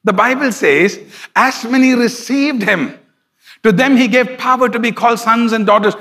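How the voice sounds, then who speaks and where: A man's voice: very high voice, moderate pace, a bit bright. A middle-aged man, a pastor preaching conversationally and telling a story, chuckling often. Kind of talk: sermon with storytelling.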